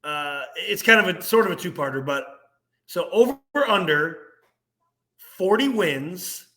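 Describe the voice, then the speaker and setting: A young man co-hosting a casual sports podcast, ranting with animated energy and laughing at himself. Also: sits high, measured pace. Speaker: podcast co-host.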